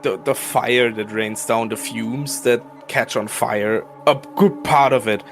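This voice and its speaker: A man serves as game master for a horror tabletop game, narrating casually with lots of fillers and clearly enjoying the gory details. His mid-range voice is fairly bright, a little slow, and fairly even in intonation, with faint music in the background.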